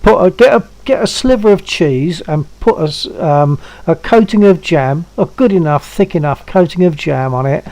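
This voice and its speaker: A man's voice: on the high side, animated, moderate pace, few pauses, a little mellow, dry recording, poor audio. A man in his seventies hosting a stream, chatting casually and coaxing a friend to try something. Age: 70s. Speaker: stream host. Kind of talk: casual chat.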